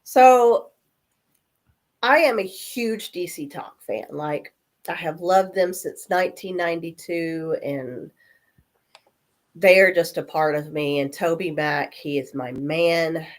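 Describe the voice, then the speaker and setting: A woman in her forties who's coming down with a cold tells animated stories as a guest in a casual chat. Her voice is lowish and slow, and she acts out the voices of the people in her stories.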